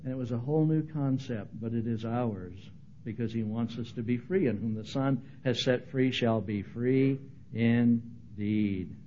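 A man preaching a sermon as pastor, animated and humorous, acting out the voices he quotes. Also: mid-range voice, unhurried, dull audio, slight background noise.

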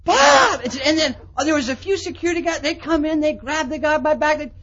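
A man who is a pastor, telling a story in a sermon to a conference with animated delivery, swinging between quiet and loud. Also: extremely high pitch, fast talker, dull audio. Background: audience laughter.

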